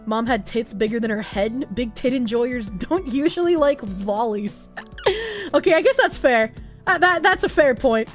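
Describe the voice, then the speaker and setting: A woman's voice: on the high side, lively intonation, normal speed, soft background music. A young woman livestreamer in casual chat, reading viewer messages aloud, laughing often and swearing freely.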